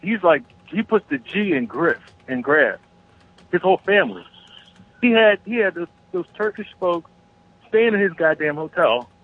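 A man's husky voice comes through a thin, tinny phone line. He talks in a loose, rambling rant, swearing freely and restarting his sentences as he goes. It sounds like a regular caller venting on talk radio. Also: sits high, animated, moderate pace. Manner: rambling, profane, restarts often.

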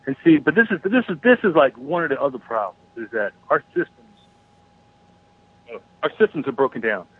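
A man's husky voice comes through a thin, tinny phone line. He talks in a loose, rambling rant, swearing freely and restarting his sentences as he goes. It sounds like a regular caller venting on talk radio. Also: fairly high pitch, very animated, fairly quick. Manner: rambling, profane, restarts often.

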